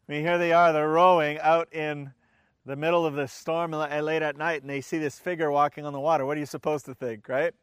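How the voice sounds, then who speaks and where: A pastor with a fairly high, smooth voice preaches a conversational sermon and reads scripture aloud. He often restarts his words and asks the congregation questions. The recording is clean studio sound with no room sound.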